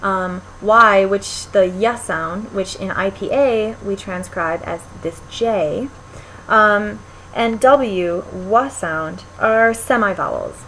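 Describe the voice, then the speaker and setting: A woman's voice: mid-range voice, takes it slowly, a bit bright, rough recording. A young woman lectures on linguistics, her voice in an ordinary middle register. She explains patiently, with frequent ums and restarts, as if talking through slides. A faint hiss sits under the recording. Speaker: linguistics instructor.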